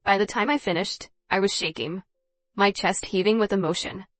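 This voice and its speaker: A woman narrating a dramatized first-person story in an even, measured reading voice. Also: mid-range voice, no room sound.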